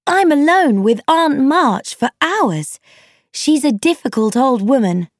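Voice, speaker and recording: A brash, outspoken teenage girl from a storybook, as a woman reads her part, her voice lifted a little above the narration. She talks boldly and with lively swings in pitch. The recording is dry and close. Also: measured pace, no room sound. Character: bold, loud tomboyish teenage girl Jo. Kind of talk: storybook reading.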